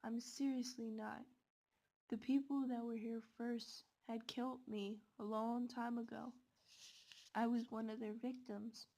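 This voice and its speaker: A woman's voice: a little high, flat delivery, unhurried, mellow. A woman voicing a man's sinister ghost. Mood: pleading. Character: murdered man's ghost, sad then sinister.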